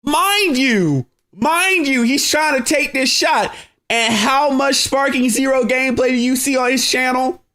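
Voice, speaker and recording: Man, high-pitched voice, heated livestream rant, mocking, slangy, combative. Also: flat delivery, normal speed, bright, forceful tone. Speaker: livestream host.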